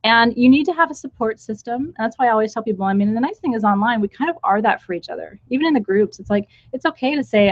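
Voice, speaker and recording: A woman with a slightly high, lively voice talks fast while leading a live ritual indoors with a small group in the room. Her casual live-stream chat is candid and blunt, full of frank asides to her listeners. The audio is dull but has no echo.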